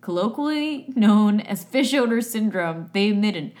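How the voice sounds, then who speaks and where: Young woman, casual co-host, lively, reads out facts and slips into voices. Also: mid-range voice, normal speed. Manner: animated, reads facts aloud, jumps into voices. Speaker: podcast co-host. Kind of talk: casual chat.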